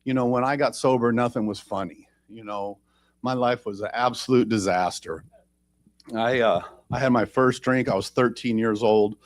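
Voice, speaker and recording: A man's voice: mid-range voice, moderate pace, no room sound, studio quality. Man telling his recovery story. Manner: rambling, conversational storytelling with self-deprecating humor. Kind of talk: personal testimony at a recovery meeting.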